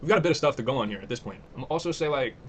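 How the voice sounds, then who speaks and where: A man's voice: mid-range voice, animated, rapid-fire, slight background noise. A young man giving casual, offhand commentary, thinking aloud and swearing as he browses. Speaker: vlogger.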